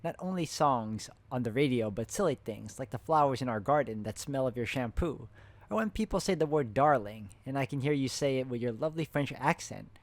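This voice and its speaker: A man's voice: medium pitch, expressive, brisk, no echo. Man reading game letters aloud. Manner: reads letters plainly, breaks off to chat and laugh. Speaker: host, playing a co-op puzzle game.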